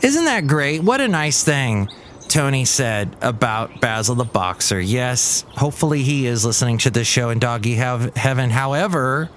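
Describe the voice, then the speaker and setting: A man's voice: medium pitch, lively intonation, moderate pace, fairly bright tone, slight background noise. A man hosting his own podcast in a rambling, playful monologue. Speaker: podcast host. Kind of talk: casual comedic monologue.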